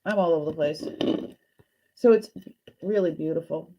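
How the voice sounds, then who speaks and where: A woman's voice: deep voice, moderate pace. A woman in her fifties with a Boston accent, hosting a casual live jewelry sale, chatty and hesitant as she shows pieces and greets viewers. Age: 50s. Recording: dull lo-fi stream audio.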